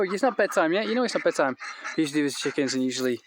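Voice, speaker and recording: A man rambles through a casual vlog outdoors in a farmyard, full of restarts and fillers. His voice sits a little high, and he coaxes the ducks in a higher tone still. A faint hiss runs underneath. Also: animated, racing. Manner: talks to the animals in a higher, coaxing voice. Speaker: vlogger keeping poultry on a farm. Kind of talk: casual walk-and-talk vlog. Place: outdoors in a farmyard by a duck shed.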